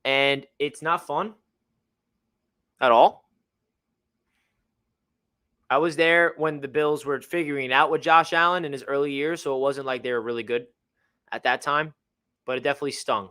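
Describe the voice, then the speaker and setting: A young man hosting a live fan reaction stream, reading out donations and venting about his team with swings between gloom and excitement. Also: mid-range voice, measured pace, pauses often, clean tone. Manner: emotional, reads out donor messages, swings between gloomy and fired-up. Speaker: livestream host.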